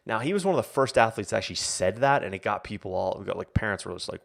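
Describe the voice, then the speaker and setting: A man coaching and hosting a live online Q&A talks casually and rambles, with plenty of fillers, restarts, and animated quotes. His lowish voice moves fast and has vocal fry.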